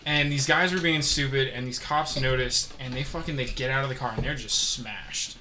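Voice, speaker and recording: A man telling a profane, animated story in casual chat with friends. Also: medium pitch, moderate pace. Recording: faint background noise.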